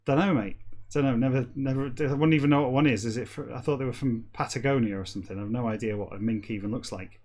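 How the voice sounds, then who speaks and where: A man hosting a comedy podcast, reading slowly and deadpan, then breaking into quick, chatty asides. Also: medium pitch. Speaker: podcast host. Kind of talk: comic reading of a novel backwards, then rambling aside.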